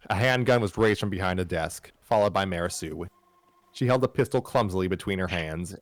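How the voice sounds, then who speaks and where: A host with a very deep voice reads a fan story on a live stream at a moderate pace, fumbling words, redoing lines and slipping in wry comments. The sound is dry, with no sense of the room.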